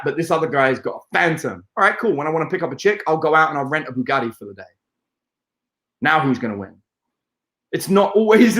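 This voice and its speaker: Speaking in a noticeably high voice, a British dating coach tells animated stories in an interview, playful and profane, leaping into scenes to act them out. His voice echoes around the room.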